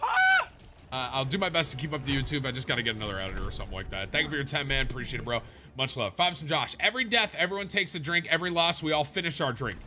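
Loud, jokey male streamer. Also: mid-range voice, lively intonation, racing, background noise. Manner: loud, jokey, reacts to chat and donations. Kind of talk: live game stream chat.

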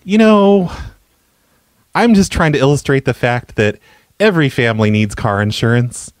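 A man hosting a comedy show, making prank phone calls in a stammering, mock-apologetic, deadpan way. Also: mid-range voice, moderate pace, dry recording. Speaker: prank caller and show host.

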